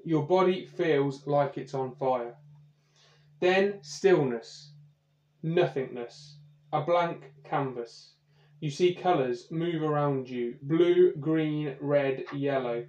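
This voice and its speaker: A man running a comedy tabletop game podcast as game master, narrating scenes slowly and deliberately. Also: a little high, a little mellow. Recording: dull, echoey home-recorded podcast.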